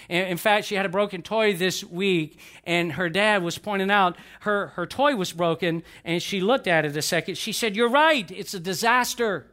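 A man's voice: high-pitched, moderate pace, few pauses, pushed and bright. Folksy older male pastor preaching. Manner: folksy, asks the congregation questions. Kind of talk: sermon.

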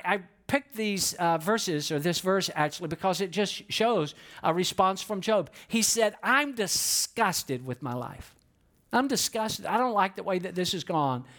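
A man's voice: sits high, a bit bright. A man, a pastor, preaching a sermon in a loose conversational way, asking the listeners questions and acting out quotes.

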